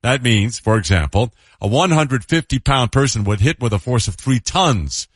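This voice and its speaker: A man's voice: medium pitch, expressive, moderate pace, breathy edge, no room sound. A man hosting a radio show, reading out a fact in a matter-of-fact way with a dry aside.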